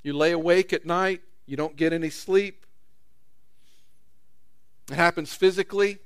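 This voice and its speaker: A man's voice: sits high, a little slow, clear, resonant tone, dry recording, clean studio sound. A man preaching a sermon in a conversational way, acting out quotes with rising intensity. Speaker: pastor.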